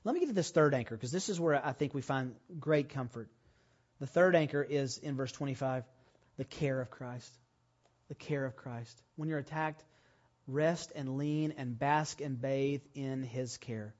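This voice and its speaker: A man's voice: medium pitch, moderate pace. Storytelling male pastor, lo-fi sound. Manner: storytelling, builds to loud emphatic preaching. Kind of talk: sermon.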